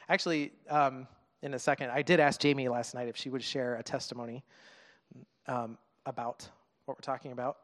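A man in his thirties preaching a sermon to a congregation, earnest and conversational, halting often to restart his thought. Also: fairly high pitch. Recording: long reverb of a large hall.

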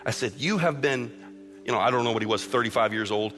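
A man's voice: medium pitch, fast, fairly bright tone. A middle-aged man preaching a sermon as pastor, impassioned and building, with repeated appeals to his listeners. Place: church sanctuary. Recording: long church reverb with music behind.

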